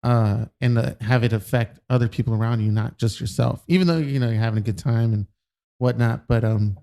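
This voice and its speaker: Rambling podcast co-host, laughs a lot. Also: male voice, medium pitch, a little fast, gravelly, mellow. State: voice cracking. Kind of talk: casual podcast chat.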